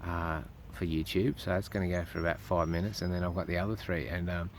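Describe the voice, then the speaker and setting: A man's voice: low voice, fairly even intonation, brisk, noisy background. An Australian man ranting profanely and indignantly to camera as a vlogger. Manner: indignant, swears heavily.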